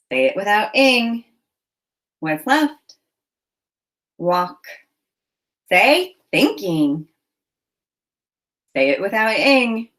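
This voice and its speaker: Very slow-speaking woman teacher. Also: medium pitch, a bit bright. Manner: slow, deliberate prompts with praise. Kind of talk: phonemic awareness lesson for children.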